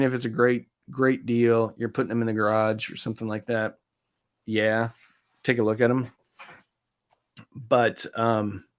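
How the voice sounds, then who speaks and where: A man hosting a casual live stream, reading out viewer comments and answering them in a loose, chatty way with lots of fillers and quick asides. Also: mid-range voice.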